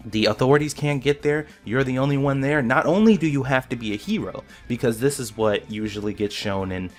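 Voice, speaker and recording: Excited rambling man over soft music. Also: mid-range voice, a little fast. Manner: excited, rambling with frequent restarts. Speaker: anime reaction vlogger. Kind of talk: casual reaction commentary.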